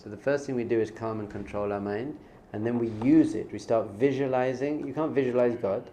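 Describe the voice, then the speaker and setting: A man's voice: medium pitch, darkish tone, slight background noise. A male rabbi gives an informal spiritual lesson in a mid-range voice. He speaks conversationally and repeats phrases for emphasis. Hebrew terms come up naturally in his talk. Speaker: rabbi teaching.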